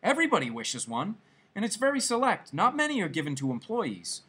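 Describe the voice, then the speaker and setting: A man reading a story aloud, voicing a timid, eager-to-please clerk husband who stammers hopefully, in a husky voice. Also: high-pitched, wildly swooping pitch, a little fast, bright, forceful tone, pitched above the performer's own voice, full character voice.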